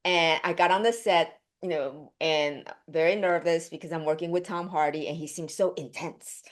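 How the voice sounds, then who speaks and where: A woman actress telling a story in a casual interview, chatty and animated, acting out quoted lines and laughing often. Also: sits low, moderate pace. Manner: chatty, many fillers and restarts.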